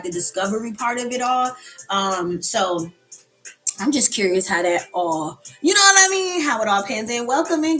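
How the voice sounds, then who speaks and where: A woman's voice: medium pitch, a bit bright, poor audio. Chatty woman hosting a live stream. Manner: chatty and loose, answers viewer comments, laughs often. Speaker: host of a live coffee chat stream. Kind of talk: casual live-stream chat with viewers.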